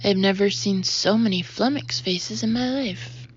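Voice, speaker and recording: A woman reading a first-person audiobook, lively and expressive, emphatic in the dialogue. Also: medium pitch, unhurried, hardly any pauses, a little hiss or hum. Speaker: audiobook narrator. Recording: dull, muffled audio.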